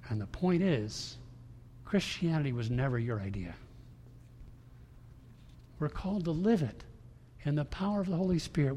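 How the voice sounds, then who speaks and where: A male pastor preaching to a congregation in a large church room, his somewhat high voice ringing out in long hall reverb. He is emphatic, dropping to a hush and then rising loud. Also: slight background noise. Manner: emphatic preaching, swinging between hushed and loud. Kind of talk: sermon.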